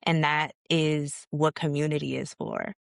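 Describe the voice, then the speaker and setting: A woman's voice: low voice, little pitch movement, a little slow, vocal fry, clear, resonant tone, no echo, clean studio sound. A woman guest on a podcast, telling her story in a frank, casual way with slang and some swearing. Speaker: podcast guest, founder of a leadership organization. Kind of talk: candid conversational storytelling.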